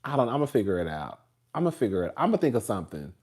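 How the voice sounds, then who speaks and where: A man's voice: on the low side, very animated, rapid-fire, a little mellow. A man hosting a casual live stream. He rambles, talks with sass and laughs often as he chats with his viewers. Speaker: show host reviewing TV.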